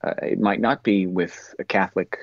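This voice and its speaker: A man, an actor guest in an interview, answering in a thoughtful, earnest way and often pausing to search for words. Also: sits low, fairly even intonation, no echo. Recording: dull lo-fi sound.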